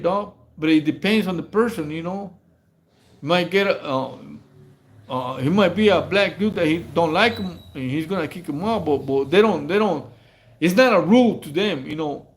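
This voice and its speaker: High-voiced rambling storyteller man. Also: animated, normal speed. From Mexico. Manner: rambling, stammering slang-heavy storytelling with frequent laughs. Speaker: livestream host. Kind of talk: casual prison stories on a livestream.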